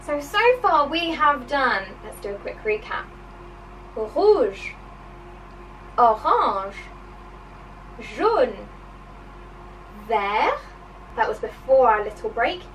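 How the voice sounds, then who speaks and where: A woman's voice: a little high, very animated, takes it slowly, pauses often, a bit bright, distant mic, slight background noise, low-quality recording. A woman teaching a children's language lesson, encouraging and sing-song, with playful praise.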